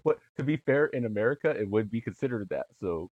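A man's voice: fairly low pitch, expressive, quick pace, dull audio. A man hosting a podcast in casual chat, laid-back and joking, mostly giving short replies. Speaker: podcast host.

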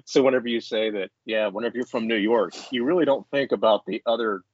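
A man's voice: medium pitch, fast, slightly rough, lo-fi sound. A man co-hosting a casual podcast chat at home, rambling with many restarts and frequent laughs. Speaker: podcast co-host. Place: indoors at home.

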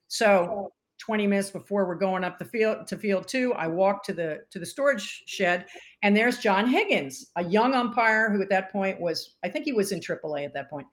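A woman in her sixties talks as a podcast guest, telling long stories with a lively swing in her voice. She acts out what other people said and keeps an easy conversational pace. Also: mid-range voice, normal speed. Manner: animated storyteller who acts out quoted voices. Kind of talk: storytelling interview chat.

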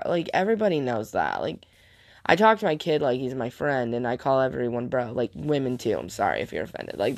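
Young woman, low-pitched, chatty casual vlog storyteller, dry close sound. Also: no room sound. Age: young adult. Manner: chatty, laughs often, says "like" a lot. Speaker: vlogger and stepmom.

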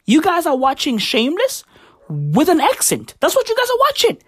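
A woman's voice: high voice, huge pitch swings, moderate pace. Profane young woman ranting. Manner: profane, slangy, mock-outraged. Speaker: vlogger. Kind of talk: comedic rant to camera.

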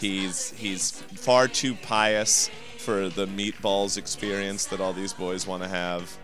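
A man's voice: sits low, takes it slowly, soft background music. A young man co-hosting a movie podcast, joking and laughing as he riffs through a casual discussion. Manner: animated, joking, laughs often. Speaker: podcast co-host.

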